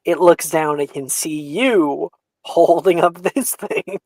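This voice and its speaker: A man narrates a tabletop game as game master, in a slow, dramatic manner that drops to a hush for tension. The recording is dry and close, with no room sound. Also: on the high side, no echo, low-quality recording.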